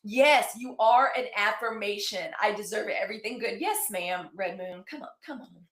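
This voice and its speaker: A woman's voice: mid-range voice, normal speed, fairly bright tone. Chatty woman host in an echoey room. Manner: chatty, digressive, thanks viewers by name. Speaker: host of a daily live news show. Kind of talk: casual livestream chat.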